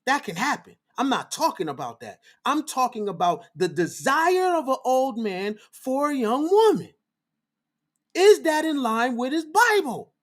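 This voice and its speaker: A man's voice: extremely high pitch, big pitch swings, measured pace. A man hosting a livestream, lecturing his viewers in a fiery, preachy monologue, repeating phrases for emphasis. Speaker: livestream host.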